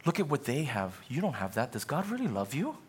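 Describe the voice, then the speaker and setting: A man's voice: mid-range voice, huge pitch swings, a little fast, slight background noise. A man voicing a taunting male devil who mocks and needles with doubting questions. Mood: sneering.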